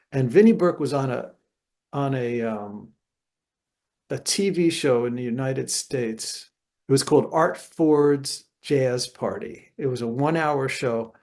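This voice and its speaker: An older man being interviewed as a jazz guitarist, telling animated anecdotes and acting out other people's voices. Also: mid-range voice. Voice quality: gravelly. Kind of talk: storytelling interview.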